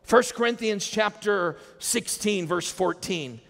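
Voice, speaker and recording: A man's voice: sits high, takes it slowly, creaky, a bit bright. A male pastor preaching a sermon, calling the congregation to repeat lines after him. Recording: long hall reverb.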